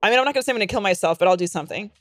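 A woman's voice: mid-range voice, expressive, very fast, fairly bright tone, no echo. A woman co-hosting a podcast in casual comedic chat, playful and slangy, swearing freely. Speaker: podcast co-host.

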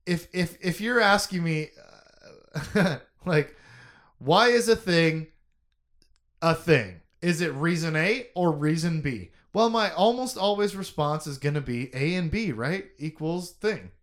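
A man co-hosting a podcast, chatting casually about a novel in an animated, jokey way, thinking out loud with many restarts. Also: a little high, unhurried. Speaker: podcast co-host. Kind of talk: casual book discussion.

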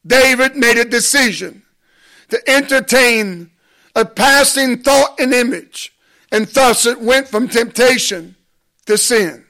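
A man preaching a sermon in a measured, emphatic way, pausing deliberately and building into impassioned exhortation. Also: very high voice, sharp tone.

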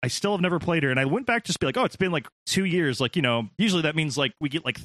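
A man's voice: a little high, animated, racing, fairly bright tone, no room sound. A man co-hosting a casual gaming podcast, rambling, swearing freely and laughing often.

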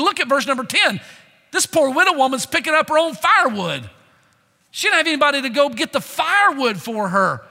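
High-voiced preacher in a reverberant hall. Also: male voice. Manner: dramatic swings from loud emphasis to hushed low tones. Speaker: pastor. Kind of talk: sermon.

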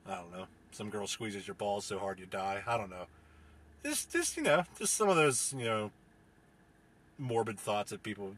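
Husky, forceful man rambling. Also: fairly low pitch. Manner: rambling, profane, joking. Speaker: podcast host. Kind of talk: casual solo podcast rant. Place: inside his car.

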